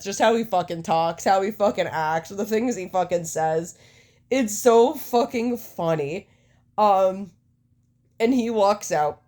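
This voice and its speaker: A young adult woman co-hosting a podcast, talking casually and swearing freely. Her storytelling is lively and animated, with a mid-range voice. She jumps between quick asides and recaps. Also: medium pitch. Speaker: podcast co-host. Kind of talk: casual chat.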